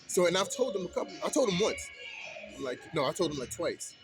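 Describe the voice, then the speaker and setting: A man's voice: high-pitched, very animated, fast, music in the background. A man ranting heatedly in a casual vlog, retelling an argument in colloquial speech.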